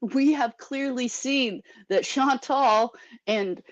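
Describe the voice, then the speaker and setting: A woman's voice: high voice, slow, no room sound, lo-fi sound. Chatty opinionated woman on a call. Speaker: panelist. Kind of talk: casual commentary chat. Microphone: video call.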